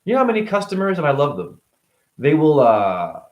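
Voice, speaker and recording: A middle-aged man vlogging in a casual, ranting monologue, jumping between loud outbursts and quiet asides. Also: a little high, wildly swooping pitch, brisk, lo-fi sound. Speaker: vlogger and spiritual teacher.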